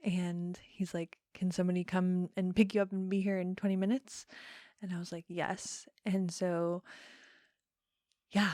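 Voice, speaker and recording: A young woman in her twenties telling a personal story in a casual interview, soft-spoken with many pauses and ums. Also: fairly low pitch, flat delivery, no room sound, clean studio sound. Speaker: podcast guest.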